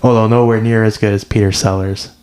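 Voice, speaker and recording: A man's voice: fairly low pitch, flat delivery, a little fast, darkish tone, a little hiss or hum. A young man co-hosting a podcast in casual chat, laid-back, laughing often, with short dry replies. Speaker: podcast co-host. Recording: roomy echo.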